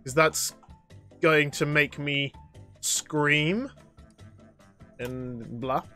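A man's voice: on the high side, extremely slow, sharp tone, soft background music. A young man livestreaming gameplay, reading chat questions aloud and answering them with frequent laughs and sudden outbursts. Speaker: gaming livestreamer. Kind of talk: live gameplay commentary.

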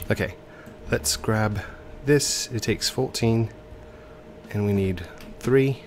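A man's voice: fairly low pitch, takes it slowly, darkish tone, slight background noise. A man with a stuffy, congested nose, commentating a video game in a put-on English accent and hesitating with ums and self-corrections. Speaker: let's play host.

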